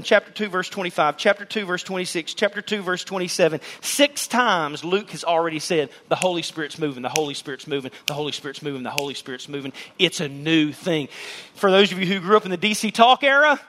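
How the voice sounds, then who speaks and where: A man's voice: high-pitched, sharp tone. A man, preaching a sermon in church in a conversational, joking style with emphatic repetition. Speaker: pastor. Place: church sanctuary with a congregation.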